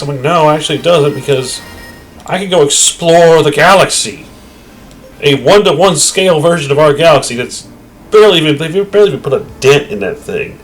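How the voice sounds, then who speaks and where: A man's voice: fairly high pitch, animated, brisk, low-quality recording. A man casually commenting on his space game and reading its dialogue aloud. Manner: chatty, offhand, yawning. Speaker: gaming YouTuber.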